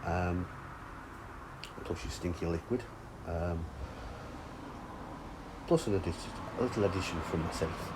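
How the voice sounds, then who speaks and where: A man's voice: low-pitched, unhurried, pauses often, noisy background. A man chatting casually outdoors by a fishing lake, with sweary, teasing banter. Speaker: angler and vlog host. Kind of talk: casual chat.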